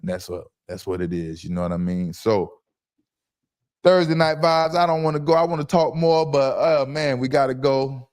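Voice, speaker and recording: A man hosting a casual sports talk livestream from home, loud and brash, trash-talking his commenters. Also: mid-range voice, animated, moderate pace. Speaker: podcast host.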